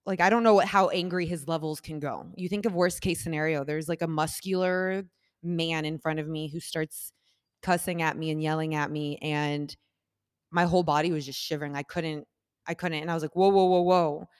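A woman telling a personal story in a casual chat, animated and acting out the voices of the people in it, with lots of "like" and "I'm like" fillers. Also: moderate pace, no echo, clean studio sound. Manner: animated, acts out quoted voices with big shifts in pitch and loudness; talks with many fillers like "like" and "I'm like".

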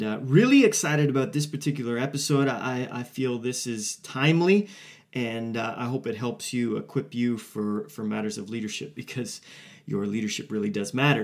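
A man in his forties hosting a podcast, telling a personal story in an earnest, conversational way with frequent fillers and restarts. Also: medium pitch. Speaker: podcast host. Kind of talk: casual solo podcast monologue.

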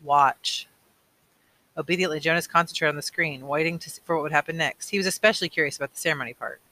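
A man's voice: fairly high pitch, very fast, pushed and bright. A man reading a novel aloud, plainly, with small slips he corrects as he goes. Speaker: audiobook reader.

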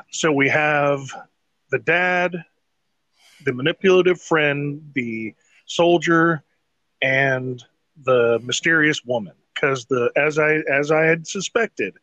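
A man's voice: fairly high pitch, slow, long pauses, pushed and bright, no room sound. A man hosting a podcast, recapping a TV episode in casual, rambling, profane chat with laughs. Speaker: podcast host.

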